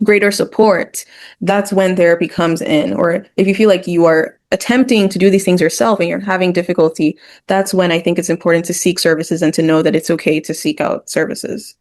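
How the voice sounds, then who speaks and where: A woman's voice: lowish voice, a little mellow. A woman speaking as a therapist guest in an educational discussion, explaining ideas point by point and sometimes acting out short quoted voices.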